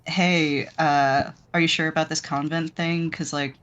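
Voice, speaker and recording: A woman's voice: sits low, steady tone, a little slow, a bit bright, lo-fi sound. A woman doing a hesitant, rambling pleader. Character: hesitant, over-apologetic person.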